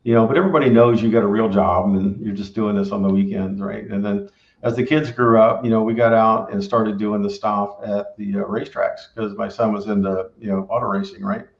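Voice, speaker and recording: A middle-aged man with a low voice talks in a loose, rambling way and keeps checking in with his listener. The sound is roomy and dull, as if taped in a reflective room. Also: fairly even intonation, fairly quick, vocal fry. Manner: rambling, peppered with tag questions. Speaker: barbecue restaurant owner and former engineer. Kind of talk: casual conversational storytelling.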